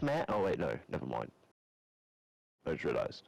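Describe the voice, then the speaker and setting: Deep streamer, crude slangy trash talk with mates on chat. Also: male voice, wildly swooping pitch, measured pace, vocal fry, long pauses, a little mellow, dry recording, poor audio. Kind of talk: casual banter with friends on voice chat.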